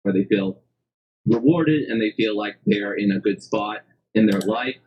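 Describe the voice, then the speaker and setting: A man's voice: fairly low pitch, a little slow, a little mellow, slightly rough. A man speaking hesitantly with many fillers, heard as an interviewee in a played clip. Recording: dull lo-fi clip.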